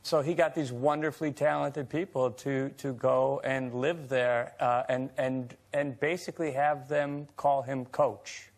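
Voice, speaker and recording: A man's voice: medium pitch, steady tone, measured pace, few pauses. A man explains a film's story as a talk show guest, stopping often and filling gaps as he goes. His voice sits in a middle range. He is speaking in a TV studio. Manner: hesitant, many fillers. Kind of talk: explaining a film plot.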